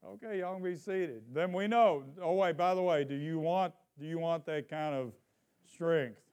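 This male pastor's voice is fairly high-pitched with a somewhat dark tone. During his church sermon he throws questions to the congregation and stretches scripture readings out emphatically, inviting call-and-response.

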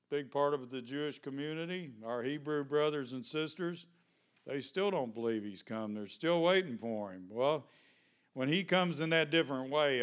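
Smooth-voiced pastor preaching. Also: male voice, mid-range voice. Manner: conversational preaching with rhetorical questions. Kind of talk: sermon.

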